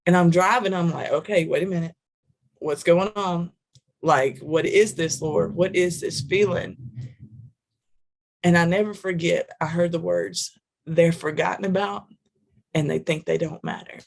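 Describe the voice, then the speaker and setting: A woman's voice: lowish voice, a little slow, creaky, long pauses. A woman telling a personal story in a podcast interview, vivid, repetitive and emphatic. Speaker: guest, trucking wellness business owner.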